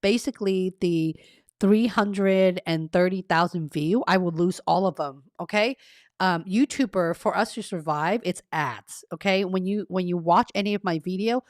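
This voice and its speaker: A woman's voice: fairly low pitch, normal speed, dry recording, clean studio sound. A woman career coach hosting a casual live stream, chatting with viewers, reading their comments aloud and laughing at herself. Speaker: career coach and livestream host. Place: carpeted home room treated to cut echo.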